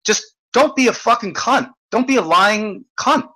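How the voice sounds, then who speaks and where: A man's voice: sits high, expressive, a little slow, sharp tone, poor audio. A man hosting an online hangout, ranting in casual chat, swearing and restarting often. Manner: profane, ranting, stammering restarts. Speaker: host.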